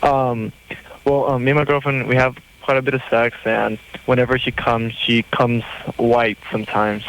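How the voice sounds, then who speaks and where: A man's voice: mid-range voice, little pitch movement, normal speed, fairly bright tone, a little hiss or hum, low-quality recording. A nineteen-year-old man calling a radio show, hesitant and repeating himself. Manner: hesitant, repetitive. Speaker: caller. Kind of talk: radio call-in question.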